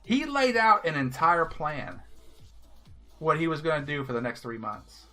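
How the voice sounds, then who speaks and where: A male game streamer talks to his live audience in a blunt, animated way, full of advice. His voice sits a bit high and bright, and his pitch swings widely. Faint music plays underneath. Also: a little slow. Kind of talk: live stream talk to viewers.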